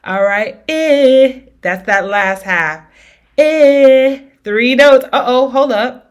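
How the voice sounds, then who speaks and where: A woman's voice: mid-range voice, unhurried. A woman teaching an R&B singing lesson with demonstrations, upbeat and encouraging, often checking in with her students. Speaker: vocal coach.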